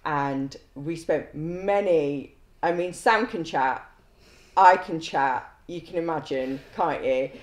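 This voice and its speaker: A woman's voice: sits low, slow. Woman, ex prison governor, swears a lot, laughs mid story, echoey room. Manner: blunt, swears freely, laughs through anecdotes. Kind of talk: storytelling in conversation. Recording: roomy echo.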